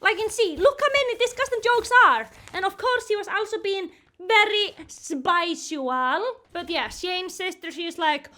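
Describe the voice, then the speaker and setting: Bright high-voiced woman doing movie commentary. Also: measured pace, few pauses. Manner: animated, giggly, exaggerated retelling. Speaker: commentary youtuber.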